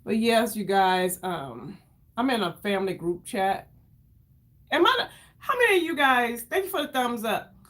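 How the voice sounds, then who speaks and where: A woman's voice: on the high side, very animated, measured pace, a bit bright. A woman in her fifties chatting casually on a livestream while doing her makeup, effusive and greeting viewers by name. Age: 50s.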